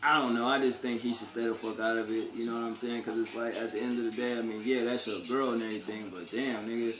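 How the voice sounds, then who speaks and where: A man's voice: mid-range voice, fairly even intonation, quick pace, fairly bright tone. A man vlogging a casual opinion rant, blunt and profane, full of street slang and rhetorical questions. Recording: echoey room with faint ambience.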